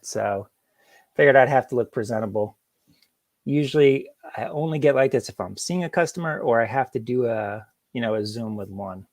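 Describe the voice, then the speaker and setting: A young man hosts a relaxed live stream from home, chatting loosely and greeting viewers one by one. His voice has a gravelly, creaky edge. The sound is close and dry, with no room echo. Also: mid-range voice. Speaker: livestream host. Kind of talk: casual live-stream chat.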